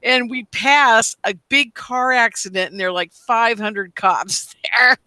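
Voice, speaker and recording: Casting: woman, animated storyteller with a bright, dry studio sound. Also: a little high, unhurried, dry recording. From Portland, Oregon. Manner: animated storyteller, acting out quotes. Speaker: guest. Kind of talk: storytelling in conversation. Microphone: studio mic.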